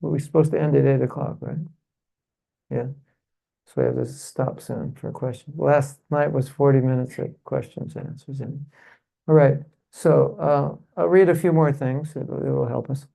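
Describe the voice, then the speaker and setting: This man's voice is medium in pitch, creaky, and dark in tone. Addressing a live audience in a temple hall, he leads a devotional seminar full of rhetorical questions, keeps tacking on "isn't it?", and guides the listeners through call-and-response repetition of phrases.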